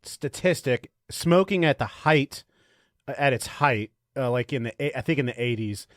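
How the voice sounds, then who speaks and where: A man's voice: medium pitch, animated, normal speed, dry recording, clean studio sound. A man co-hosting a podcast in casual chat, teasing his friends and citing statistics. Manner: chatty, teasing, cites statistics. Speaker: podcast co-host.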